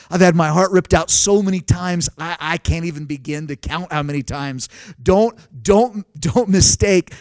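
Animated man preaching a sermon. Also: sits high, moderate pace, dry recording. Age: 30s. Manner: animated storytelling with laughs and acted quotes. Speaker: pastor. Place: live talk at a family camp.

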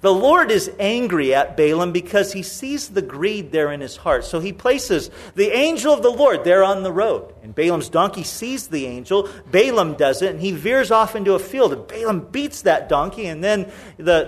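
A middle-aged man preaching a sermon, telling the story with humor and acting out the voices. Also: high voice. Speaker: pastor.

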